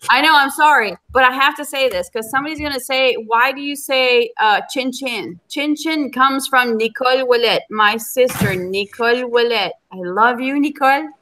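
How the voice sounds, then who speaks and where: A woman's voice: sits high, normal speed, few pauses, bright, forceful tone. A woman, a cooking channel host, chatting casually and emotionally as a guest on a live video-call stream.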